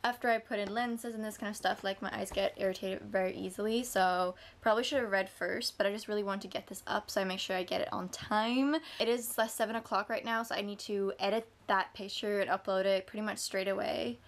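A woman's voice: medium pitch, steady tone, brisk, few pauses. A woman chatting casually in a book vlog, rambling and swearing now and then. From Denmark. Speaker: book vlogger.

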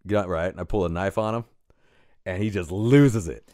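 A man co-hosting a podcast, telling a story in casual, profane chat and shouting as he acts out the scenes. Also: low-pitched, moderate pace, no room sound, clean studio sound. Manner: animated, profane, shouts when acting out scenes. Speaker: podcast co-host.

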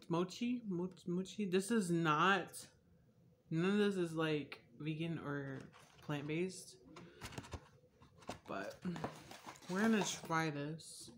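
A young woman vlogging a casual taste test, candid and chatty, swearing freely and drifting between soft asides and loud laughing outbursts. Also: fairly low pitch, slow pace, pauses often, slight background noise.

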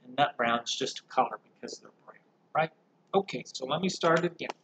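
A man, a music teacher, reading a picture book aloud to young pupils and explaining it in a gentle, warm way. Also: on the high side, a little fast, vocal fry, slight background noise, low-quality recording.

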